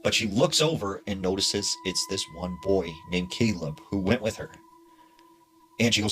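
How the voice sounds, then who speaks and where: A man narrating a spooky true story in a hushed, dramatic way with casual fillers. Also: fairly low pitch, lively intonation, moderate pace, a little hiss or hum.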